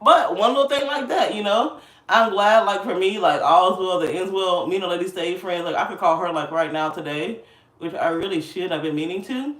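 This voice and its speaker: A woman in her thirties telling a story in a casual vlog, animated and laughing often while she talks. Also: fairly low pitch, brisk. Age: 30s. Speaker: vlogger. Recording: roomy sound from a distance.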